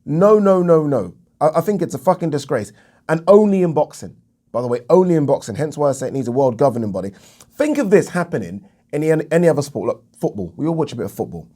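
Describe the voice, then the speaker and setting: Fast and very animated, this English man's rather high, mellow voice carries an indignant solo rant about boxing for his opinion vlog. He repeats points for emphasis and swears freely.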